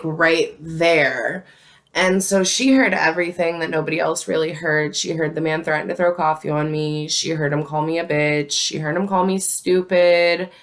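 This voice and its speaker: A woman's voice: lowish voice, fairly bright tone. A young woman telling a casual storytime vlog about her job, chatty and full of "like" fillers. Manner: chatty, frequent "like" fillers, unhurried. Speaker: vlogger telling a work story.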